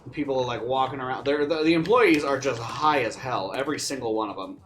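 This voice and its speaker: A man's voice: medium pitch, quick pace, fairly bright tone, a little hiss or hum. A man chatting casually while watching a game stream, rambling with lots of filler words. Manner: rambling, filler-heavy storytelling. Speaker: guest streamer. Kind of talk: casual chat.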